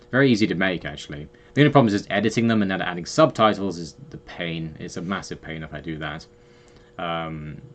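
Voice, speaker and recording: Rambling man with a lowish voice. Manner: rambling, loose talk full of asides. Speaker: YouTube host and language teacher. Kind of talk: casual vlog monologue.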